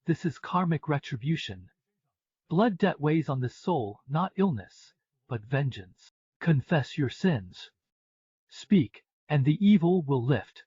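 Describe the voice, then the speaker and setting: An actor playing a stern exorcist priest who chants rites in a solemn voice. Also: male voice, fairly high pitch, animated, takes it slowly, darkish tone, slightly rough, dry recording, muffled recording, exaggerated voice. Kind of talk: dubbed drama acting.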